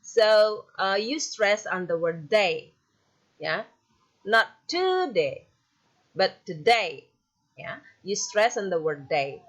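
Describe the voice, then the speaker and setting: A woman's voice: mid-range voice, takes it slowly, fairly bright tone. A woman teacher with an Indonesian accent, whose first language is Indonesian, explaining poetry patiently and tagging her sentences with "yeah". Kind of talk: recorded lecture on poetry.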